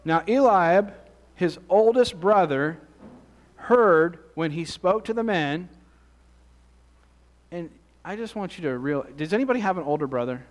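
A man's voice: high voice, animated, a little slow, long pauses. A man preaching a conversational Bible-teaching sermon, reading scripture and asking the congregation questions.

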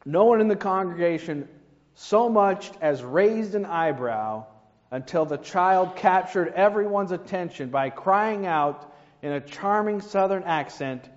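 A man's voice: high voice, lively intonation, a little slow. A man preaching a sermon in a conversational way, with rhetorical asides to the congregation. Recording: dull reverberant hall recording.

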